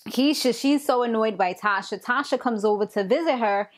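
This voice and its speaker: A young woman with a fairly high voice recaps a TV episode in a loose, casual way. She tells it with animated, slangy energy, as if chatting with a friend. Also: moderate pace. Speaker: TV recap vlogger.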